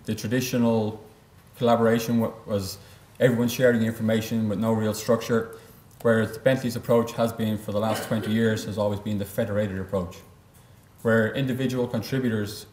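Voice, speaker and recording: Low-voiced man presenting in echoey room. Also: darkish tone. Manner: explanatory, often repeats words mid-sentence. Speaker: software company presenter. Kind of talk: conference presentation. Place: conference room.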